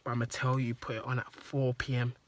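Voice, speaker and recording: A man's voice: medium pitch, completely flat delivery, a little fast, a bit bright. A man telling an emotional story in a rambling, profane monologue that repeats itself. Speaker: vlogger.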